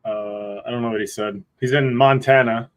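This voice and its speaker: A male guest on a live show, giving dry, short deadpan replies in casual chat. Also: medium pitch, normal speed, poor audio.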